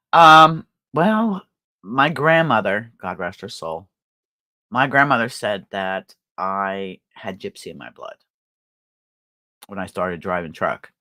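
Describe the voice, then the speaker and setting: A woman's voice: rumbling low, lively intonation, takes it slowly, pauses often, sharp tone, no room sound. An older woman hosting a crafting livestream, chatting casually and rambling with fillers and laughter. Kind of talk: casual chat.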